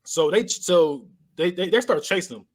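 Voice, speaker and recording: A man co-hosting a podcast, casually retelling a movie scene by scene and acting out the characters' lines with lively voice changes. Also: high voice, moderate pace. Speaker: podcast co-host. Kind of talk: casual movie recap chat.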